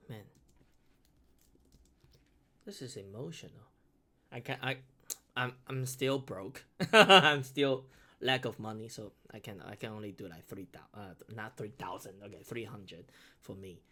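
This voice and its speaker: A man's voice: on the low side, pushed and bright. A man whose first language is Mandarin, giving casual, heartfelt reaction commentary in English, stopping and restarting his sentences. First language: Mandarin Chinese. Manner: halting, many restarts and repeated words; earnest, heartfelt. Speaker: beatboxer reacting to videos.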